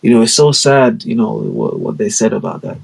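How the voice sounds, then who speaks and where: A man putting on a hushed, smooth mafia don. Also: on the low side, huge pitch swings, brisk, exaggerated voice, low-quality recording. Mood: mock-sad. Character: smooth older male mafia don, courteous.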